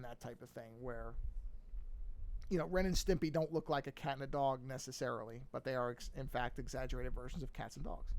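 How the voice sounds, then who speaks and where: A man's voice: fairly high pitch, darkish tone. A man casually teaching cartoon drawing on a livestream, rambling and thinking aloud as he works at his desk mic. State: yawning, a bit sleepy. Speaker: art teacher streaming a drawing lesson.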